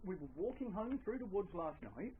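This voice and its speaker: Man doing a loyal young farmhand, earnest, bit higher, phone-ish old recording. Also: animated, a little fast, heavy background noise. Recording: tinny lo-fi live recording.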